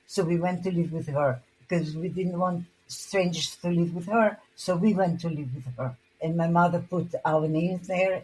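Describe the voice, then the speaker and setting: A husky, fairly low-pitched older woman gives personal testimony. She speaks haltingly and often restarts her words as she recalls events. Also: a little mellow, low-quality recording. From Hungary. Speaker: interviewee.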